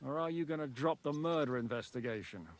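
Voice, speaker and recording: A man's voice: mid-range voice, a little fast, natural voice. A man voicing a blunt male rebel commander in a video game, curt and commanding, with swearing. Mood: stern.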